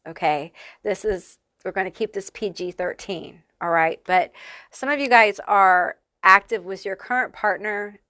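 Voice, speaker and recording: A woman's voice: medium pitch, pushed and bright, clean tone, no echo, studio quality. A woman giving a casual pick-a-card tarot reading, sassy and salty, calling viewers honey and laughing often. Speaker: tarot reader.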